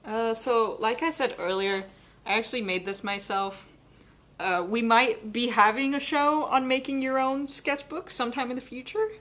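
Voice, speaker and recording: A young adult woman giving a live painting demonstration, talking quickly and chattily and laughing often. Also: fairly high pitch, fairly bright tone. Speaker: painting instructor.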